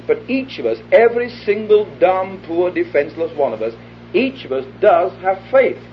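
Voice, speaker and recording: A man preaching an evangelistic sermon to a live gathering, his voice sitting slightly high. He talks earnestly, acts out little exchanges, and sinks to a close hush when he makes his appeal. The recording is a dull, lo-fi old tape with a faint hiss underneath. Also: very animated, normal speed. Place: hall before a live audience.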